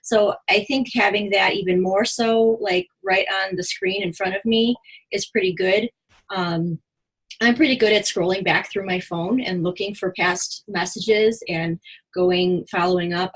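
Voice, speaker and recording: A woman speaking as a jewelry consultant, sharing sales tips in a casual, quick and animated way at a team meeting. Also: mid-range voice, husky, poor audio. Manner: quick, chatty, animated, acts out quotes.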